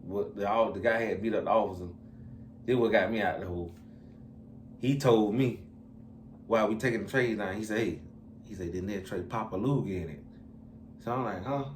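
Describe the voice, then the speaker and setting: A man recounting his time in prison in a relaxed, rambling, slang-heavy way, as the guest of an interview. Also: on the low side, a little fast, long pauses. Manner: laid-back, rambling, slangy storyteller. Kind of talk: casual storytelling interview. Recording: echoey room with faint ambient noise.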